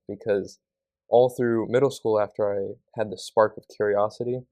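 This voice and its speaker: A young man speaks in a fairly low voice as a podcast guest. He answers earnestly and casually, leaning on filler words. The sound is dry and close. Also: steady tone, a little fast, dark tone, no room sound. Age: young adult.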